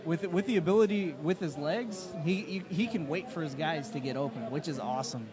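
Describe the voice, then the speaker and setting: A man's voice: a little high, brisk, loud music behind the voice. A man co-hosting a fantasy football show, talking in eager, rambling bursts full of restarts. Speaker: fantasy football podcast co-host. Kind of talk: casual live sports chat. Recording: live stream with loud bar crowd. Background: loud bar crowd.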